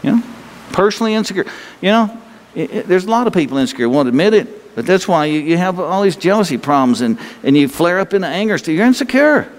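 A man's voice: fairly high pitch, lively intonation, fast. Folksy preaching man in a reverberant church. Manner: folksy, exhorting, urges the congregation to speak along. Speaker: pastor. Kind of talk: sermon. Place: church sanctuary. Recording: long reverb of a church hall.

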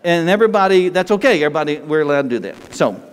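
A man's voice: fairly high pitch, expressive, rapid-fire, clean tone, big-room sound. A man preaching a sermon to his congregation in a folksy, joking manner, talking straight to the people in front of him. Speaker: pastor.

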